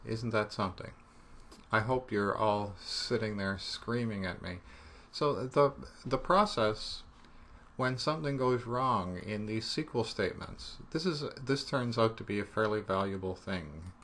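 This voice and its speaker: A man teaching programming in a relaxed screencast, thinking aloud as he debugs and joking about his own mistakes. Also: fairly low pitch, unhurried, a little hiss or hum. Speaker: programming instructor. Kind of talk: screencast coding tutorial.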